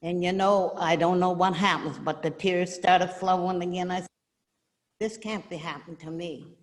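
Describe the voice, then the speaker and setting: A woman's voice: on the low side, fairly even intonation, moderate pace, long reverb tail. An older woman telling a heartfelt, rambling personal story in a casual way. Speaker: gift recipient sharing a story. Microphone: video call audio.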